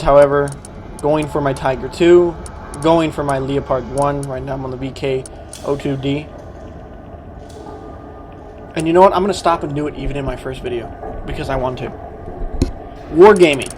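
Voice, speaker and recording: A young man hosting his gaming channel, ranting in a profane, heated way that swings from mumbled asides to loud outbursts. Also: a little high, a little hiss or hum. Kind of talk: casual ranting vlog.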